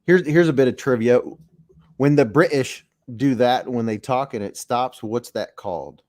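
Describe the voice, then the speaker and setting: Co-host, man, mid-pitched, chatty, curious questions. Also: darkish tone. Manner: chatty, asks questions, quick to laugh. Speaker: livestream co-host. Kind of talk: casual chat.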